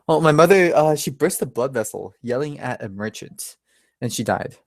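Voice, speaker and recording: A man's voice: mid-range voice, expressive, moderate pace, gravelly, dry recording, clean studio sound. A man doing a matter-of-fact grown daughter.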